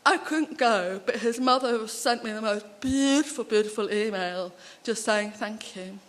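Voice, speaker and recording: A woman speaking at a conference, telling personal anecdotes in a chatty, animated way with many asides. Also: fairly high pitch, a little slow.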